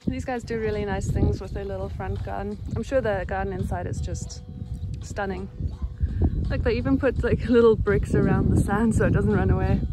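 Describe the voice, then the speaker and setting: A woman walking outdoors through a rural village, chatting cheerfully to her camera in a casual vlog. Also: medium pitch. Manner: cheerful, chatty, laughs often. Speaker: vlogger.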